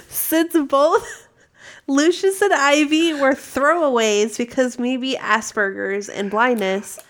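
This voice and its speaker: A woman's voice: sits high, slow. Blunt, giggly female podcast host. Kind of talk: casual chat.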